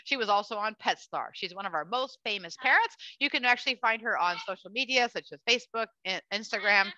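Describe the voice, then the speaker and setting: A woman hosting a live educational bird show for children, chatty and animated, cooing at the bird and talking to the audience. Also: mid-range voice, fast, no echo. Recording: dull lo-fi dry sound.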